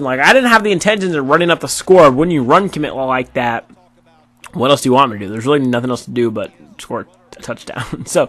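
With a slightly high, somewhat bright voice and no room sound, this gaming YouTuber sounds worn out and yawns while giving loose, filler-heavy commentary on his football video game match.

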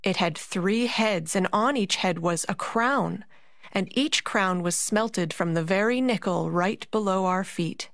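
Brief: unhurried woman storyteller, measured pauses, dry close sound. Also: mid-range voice, no echo. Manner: slow, deliberate storytelling with dramatic pauses. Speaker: narrator and puppeteer. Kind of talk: storytelling narration for a concert.

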